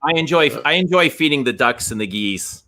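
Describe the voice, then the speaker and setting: A middle-aged Canadian man talks through a stream in loose, rambling chat. His voice is bright and forward, with a mid pitch, and he often stops and restarts his sentences. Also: lively intonation, brisk. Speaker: stream co-host. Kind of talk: casual chat.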